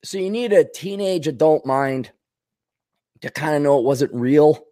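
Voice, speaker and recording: A man hosting a podcast, rambling through a casual comedic monologue, going from low mutters to sudden outbursts. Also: animated, measured pace, mellow. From Minnesota. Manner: rambling, wisecracking, swings between mutters and outbursts. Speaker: podcast host.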